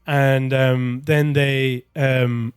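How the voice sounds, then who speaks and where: A man's voice: medium pitch, level tone, drawn-out words, clean tone, no echo, studio quality. Irish man, podcast co-host, casual rambling chat, fillers and restarts, faint music under.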